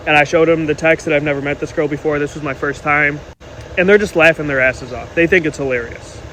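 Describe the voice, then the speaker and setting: A man casually telling a story to his phone camera, animated and indignant as he retells it. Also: fairly high pitch, fast, poor audio. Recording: faint background noise.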